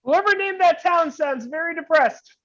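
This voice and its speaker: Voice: extremely high pitch, normal speed, bright, forceful tone. Wisecracking player, dull lo-fi sound. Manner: teasing, wisecracking. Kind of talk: casual tabletop banter.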